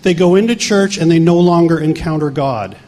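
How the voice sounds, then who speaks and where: A man's voice: a little high, a little fast. A middle-aged male pastor telling a healing story in a sermon, acting out the people he quotes. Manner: animated, acts out quoted voices.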